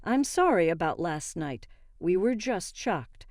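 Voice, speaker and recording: A woman voicing a disapproving middle-aged mother in a measured, slow way. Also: fairly low pitch, sing-song, darkish tone, dry recording, studio quality. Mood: contrite.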